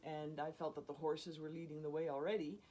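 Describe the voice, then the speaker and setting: A woman casually telling a personal story in an animated way, often laughing and acting out what people said. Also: low-pitched, brisk, a little hiss or hum. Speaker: storyteller guest.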